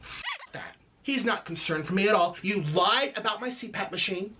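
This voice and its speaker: A man's voice: high voice, animated, brisk, sharp tone, slightly rough. A man delivering an angry, confrontational rant full of accusations and sarcasm. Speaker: video creator in an online feud.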